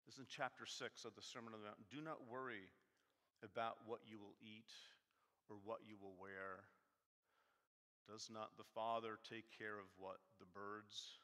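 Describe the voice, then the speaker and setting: Animated man preaching in a reverberant church. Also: fairly low pitch. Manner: self-deprecating, animated, mock-arguing with his text. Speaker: guest preacher. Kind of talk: conversational sermon. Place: church sanctuary.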